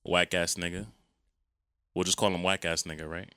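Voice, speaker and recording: A man's voice: sits low, normal speed, smooth, no room sound, clean studio sound. A man co-hosting a casual podcast chat, telling stories in slang and acting out what people said. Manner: animated storytelling, slangy, acts out quotes. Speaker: podcast co-host.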